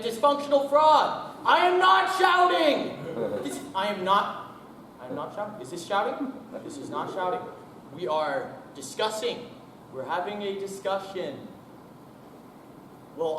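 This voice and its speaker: A man's voice: sits high, fairly bright tone, far from the mic, a little hiss or hum. A young man playing a blustering, bullying boss in an echoey hall. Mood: defensive. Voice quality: ranting, bullying, sarcastic. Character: hot-tempered blustering male boss on the phone. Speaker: speech competition contestant. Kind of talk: humorous interpretation monologue. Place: school auditorium.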